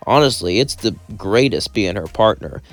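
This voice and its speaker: A man voicing a resigned, laid-back male cat demon in a fan story, calm and reassuring. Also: fairly low pitch, normal speed, soft background music, lightly acted.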